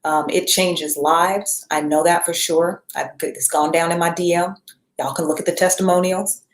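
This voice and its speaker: A woman's voice: on the low side, fairly even intonation. Woman coach, casual and rambling, live stream, roomy echo. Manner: chatty and rambling, reads viewer names, acts out quick voices. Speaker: self-care and business coach.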